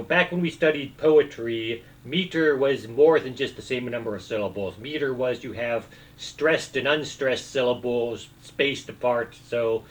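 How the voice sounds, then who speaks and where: A man's voice: medium pitch, rough recording. A man rambling casually as a video host, hesitating often with fillers and restarts, and now and then breaking into short bits of song.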